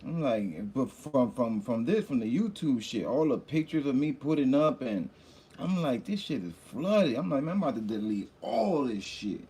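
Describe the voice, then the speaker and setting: A man hosting a casual livestream, shouting hype greetings to viewers by name and rambling in loose asides, a little hungover. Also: medium pitch, big pitch swings, moderate pace, slightly rough. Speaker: livestream host.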